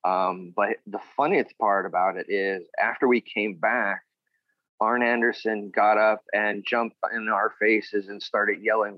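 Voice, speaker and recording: Male guest, lower voice, easygoing storyteller, dry lo-fi sound. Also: fairly even intonation, unhurried, no room sound. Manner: rambling, acts out quotes of others. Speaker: former wrestler, guest. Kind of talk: casual storytelling interview.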